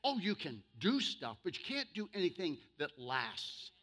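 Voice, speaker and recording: A male pastor preaching to his church, humorous, with sudden loud bursts and slow, emphatic stretches. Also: fairly high pitch, wildly swooping pitch. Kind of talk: sermon.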